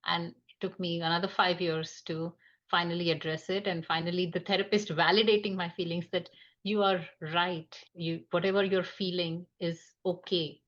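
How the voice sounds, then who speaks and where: A woman with a low voice talks as a podcast guest. She speaks in a reflective, candid way and pauses often. The recording sounds dull and lo-fi. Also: little pitch movement, fairly bright tone. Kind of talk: candid personal conversation.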